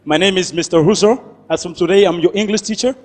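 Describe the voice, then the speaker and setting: A man's voice: high-pitched, quick pace, long reverb tail, voice pushed down. A Nigerian man acting as a stiff, formal male English teacher who speaks in careful, prim English. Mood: stern.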